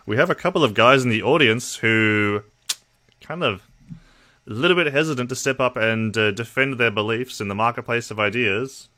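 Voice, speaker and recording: An Australian man hosting a livestream, talking casually and bluntly to his chat. His voice is bright and forward, with a middling pitch and plenty of swearing. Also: normal speed. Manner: blunt, profane, talks to chat. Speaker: livestream host.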